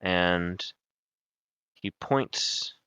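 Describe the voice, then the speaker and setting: Young man, game master narrating a tabletop game, deep voice, dry close sound, laid-back. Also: extremely slow, bright, forceful tone, clean tone, dry recording. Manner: laid-back, joking asides.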